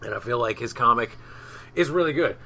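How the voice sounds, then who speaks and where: Bright-voiced man chatting loosely on a podcast. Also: mid-range voice, animated, fairly quick, creaky, a little hiss or hum, rough recording. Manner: rambling, restarts sentences, casual swearing. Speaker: podcast co-host. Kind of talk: casual chat.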